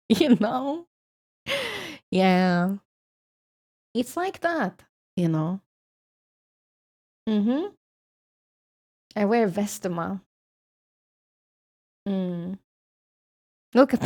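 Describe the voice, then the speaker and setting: A woman's voice: medium pitch, expressive, slow, long pauses, darkish tone. A young woman from Sweden with a Swedish accent, chatting casually with her stream viewers, swearing freely and laughing often.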